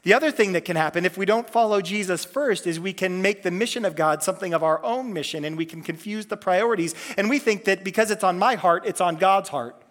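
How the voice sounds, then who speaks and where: A man's voice: high-pitched, fast talker, hardly any pauses, fairly bright tone. A man pastor giving a conversational sermon, earnest, often restarting and repeating words mid-phrase. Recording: long reverb of a hall.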